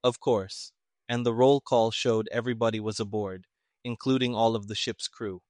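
A man's voice: fairly low pitch, fairly even intonation, moderate pace, darkish tone, no echo, studio quality, lightly acted. A man doing a grumbling army major. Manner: muttering, grumbling.

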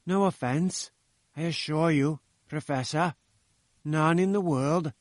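A man's voice: a little high, takes it slowly, no echo. A man doing a sly wheedling inventor. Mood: babbling. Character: sly male inventor, nervous and oily.

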